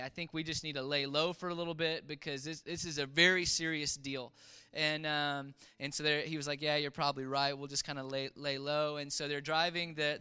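A man preaching, retelling a story with halting restarts and fillers, as in a sermon. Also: on the high side, sharp tone, smooth. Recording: long reverb of a large hall.

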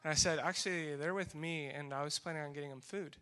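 Young male speaker, bright tone, lively story talk acting out each exchange. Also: fairly high pitch, quick pace. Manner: animated storytelling with acted-out dialogue. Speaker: speaker sharing a mission trip story. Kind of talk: testimony talk to a group.

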